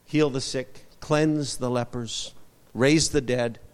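A man's voice: medium pitch, steady tone, slow pace, smooth, long reverb tail. A male pastor preaching a sermon, repeating short emphatic phrases and asking the congregation for amens.

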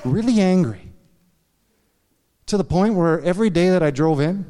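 A man delivers a confessional sermon from a church platform, his voice smooth and resonant and sitting a little high for a man. He keeps turning to the congregation with quick asides as he tells his story, and the long reverb of the sanctuary trails behind every phrase. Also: animated, dark tone. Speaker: pastor.

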